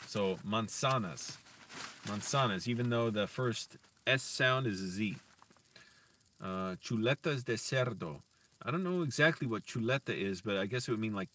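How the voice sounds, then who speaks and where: A low-voiced man works through Spanish vocabulary on a live stream, repeating words slowly and catching his own slips. He drifts into chatty asides to his viewers. He sits a little back from the mic. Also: a bit bright, distant mic. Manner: slow deliberate sounding-out of words, self-correcting. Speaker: creator teaching himself Spanish on a stream. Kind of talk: casual live-stream language practice.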